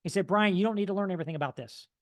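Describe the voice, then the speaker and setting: A man giving an energetic motivational talk, mimicking dull and excited voices to make his point. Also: high-pitched, racing. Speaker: motivational speaker.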